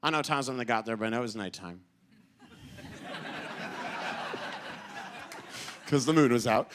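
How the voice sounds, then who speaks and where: A man's voice: medium pitch, slow pace, background noise. A young man doing a stand-up comedy routine on a club stage, telling stories and acting out characters. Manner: animated storytelling, acting out characters. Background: audience laughter.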